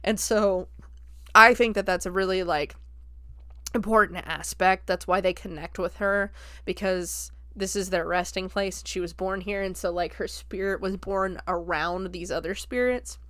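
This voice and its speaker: Recapping a film scene by scene on her podcast, a woman speaks in an unhurried, mid-range, slightly bright voice. She laughs frequently and performs the lines she quotes in a casual review. The recording is dry.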